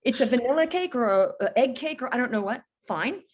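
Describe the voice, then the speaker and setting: A woman in her fifties speaks as a guest on an interview podcast, coaching with energy and emphasis. Her fairly high voice swoops up and down with lively intonation as she pushes each point home. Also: a little fast. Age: 50s. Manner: energetic, emphatic, animated storytelling.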